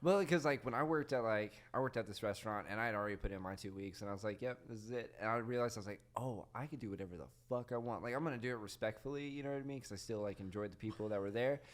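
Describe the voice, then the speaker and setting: A man's voice: fairly low pitch, racing, hardly any pauses. A young man as a podcast guest, telling crude work stories with a laugh in his voice. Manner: lively, laughing, crude storyteller. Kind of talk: casual chat.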